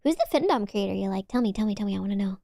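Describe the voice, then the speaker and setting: A young woman with a Valley Girl accent chatting on her stream, talking loosely with lots of "like"s and sometimes dropping to a soft whisper. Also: animated, rapid-fire, creaky, dry recording, studio quality. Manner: chatty, filler-heavy with many "like"s, dips into low whispers. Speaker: VTuber streamer. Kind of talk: casual chat stream.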